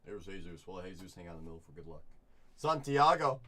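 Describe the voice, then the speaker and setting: A man hosting a live card break, chatting with viewers and calling out each pull with bursts of excitement. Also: low-pitched, fast talker, slight background noise. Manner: upbeat, chatty, reads chat and calls out pulls with bursts of excitement.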